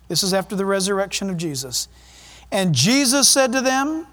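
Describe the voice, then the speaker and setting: A man preaching a sermon and reading scripture aloud, fervent and emphatic, with his pace swinging from quick to drawn out. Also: sits high, big pitch swings, fairly bright tone.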